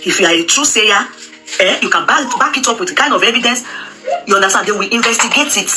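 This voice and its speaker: A woman's voice: mid-range voice, fast, music in the background. A Nigerian woman commenting on current affairs in a casual, emphatic way, repeating herself, hesitating often and slipping into Pidgin. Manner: emphatic, repetitive, with Pidgin asides and frequent hesitations. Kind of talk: casual opinion talk.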